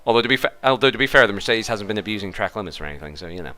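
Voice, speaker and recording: A man's voice: lowish voice, animated, rapid-fire, bright, forceful tone. A man giving chatty, jokey commentary on a sim race.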